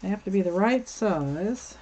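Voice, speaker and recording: A woman's voice: mid-range voice, animated, unhurried, mellow, a little hiss or hum. A woman hosting a crafting livestream, chatting casually and thinking aloud while she works, reading comments and laughing at them. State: hiccups.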